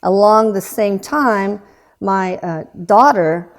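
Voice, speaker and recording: A woman in her sixties, a guest telling a painful personal story in an earnest, subdued way, halting with restarts and trailing pauses. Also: medium pitch. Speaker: guest recounting loss.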